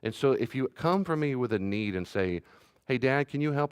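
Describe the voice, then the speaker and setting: A man's voice: mid-range voice, lively intonation, brisk, a little mellow, smooth, dry recording, clean studio sound. A middle-aged man, a pastor, giving a teaching talk on parenting and acting out the voices of a child and a parent as he tells stories.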